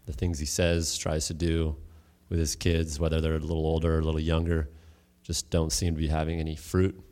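A man with an extremely deep, dark voice puts questions to a guest. He speaks in a flat, measured way, with hesitant pauses. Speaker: interviewer asking questions. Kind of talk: casual Q&A.

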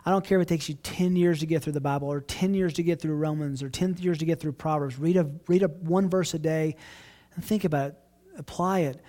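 A middle-aged man, a pastor, answering questions in earnest, relaxed talk, often restarting his phrases. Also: high voice. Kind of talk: casual Q&A talk.

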